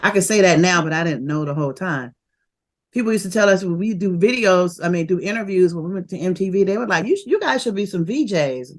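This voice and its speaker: A woman, a rapper telling stories of her early career in a casual interview, animated and quick to laugh. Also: on the low side. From Oakland, California. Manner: animated and laughing, fast bursts of memories.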